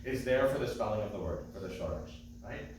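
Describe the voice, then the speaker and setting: A male cantor teaching a class, explaining details patiently and chanting short phrases slowly. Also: on the low side, animated, slight background noise. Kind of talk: class teaching with sung examples. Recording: echoey distant room mic.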